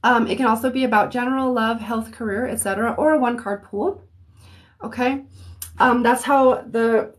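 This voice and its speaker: A woman hosting a livestream of free readings in a relaxed, unhurried way, often pausing on "um" as she chats with viewers. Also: on the high side. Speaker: host and psychic reader. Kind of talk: casual livestream chat.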